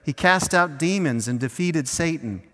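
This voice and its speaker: Animated and sharp-toned, a man with a voice on the high side preaches at normal speed. The pastor's sermon is conversational with acted-out little scenes, recorded in a church with long hall reverb.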